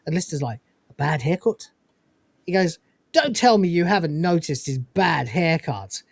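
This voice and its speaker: A man hosting a casual review show retells scenes and performs the characters' lines as an animated storyteller. His fairly high voice is slightly rough with vocal fry, at a normal speed, recorded without echo.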